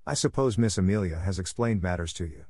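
A man's voice: low voice, quick pace, mellow, no room sound, clean studio sound. A man voicing a stern, cold middle-aged headmistress who talks down to a child. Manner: harsh, scolding.

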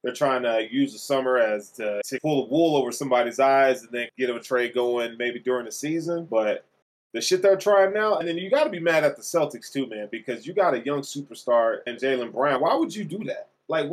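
A man's voice: mid-range voice, expressive, moderate pace. A man co-hosting a sports podcast, ranting in an exasperated, emphatic way. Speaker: podcast co-host. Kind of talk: casual sports chat.

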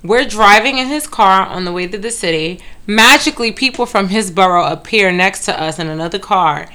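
A woman from Brooklyn telling a bad-date story in casual chat, lively and blunt, with quick bursts. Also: mid-range voice.

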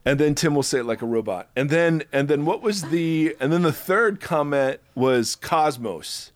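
A man's voice: a little high, animated, normal speed. Upbeat man hosting a faith podcast. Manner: upbeat, playful, closes with a spoken blessing. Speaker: podcast host. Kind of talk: casual podcast chat.

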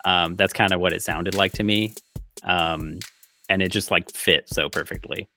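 A man co-hosting a casual podcast, laid-back and halting with fillers. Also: sits low, steady tone, pushed and bright, faint music behind. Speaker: podcast co-host.

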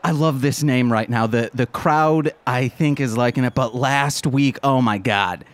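A man narrating a tabletop game as game master, animated and rambling with many fillers. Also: medium pitch, unhurried.

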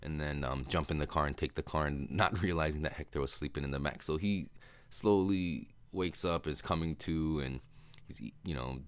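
A man's voice: a bass voice, clear, resonant tone, no echo. A man hosting a podcast, casually retelling a movie plot in a rambling way with fillers and swearing, sometimes acting out the characters' lines. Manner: acts out characters' lines in quick voices. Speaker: podcast host.

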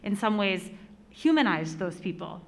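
Woman interviewer, reflective and mid-pitched. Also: sing-song, measured pace. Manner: reflective, uses fillers like "like" and "I think". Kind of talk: conversational interview.

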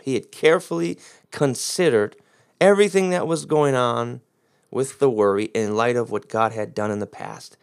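A man's voice: medium pitch, measured pace, vocal fry, clear, resonant tone. A man preaching a sermon, explaining the Greek grammar of a Bible passage with strong emphasis.

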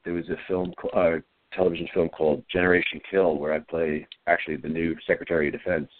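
A middle-aged man, an actor being interviewed, talking in a low-key, halting way with frequent restarts. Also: level tone, slight background noise. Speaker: actor guest. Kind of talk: casual interview talk. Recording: dry, phone-like line.

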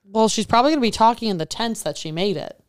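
A woman's voice: fairly high pitch, lively intonation, quick pace, clear, resonant tone, no echo, clean studio sound. A young woman co-hosting a podcast, chatting casually and rambling with lots of "like" and restarts. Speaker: podcast co-host. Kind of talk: casual chat. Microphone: podcast mic.

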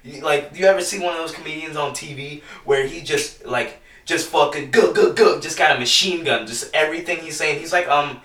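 A man's voice: fairly high pitch, brisk, hardly any pauses, bright, forceful tone, reverberant, recorded from a distance. A man telling a long, rambling, profane story in casual chat, full of "dude" and "bro".

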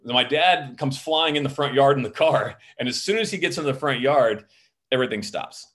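Fast-talking man spinning a rambling story. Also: mid-range voice, fairly bright tone. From Florida, USA. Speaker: film director guest. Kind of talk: casual storytelling interview.

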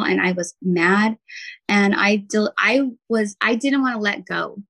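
A woman's voice: mid-range voice, steady tone, moderate pace, vocal fry, a bit bright, poor audio. A woman, a podcast guest who works as a nurse and healer, telling a personal story in an earnest, heartfelt way with many "um"s and "like"s.

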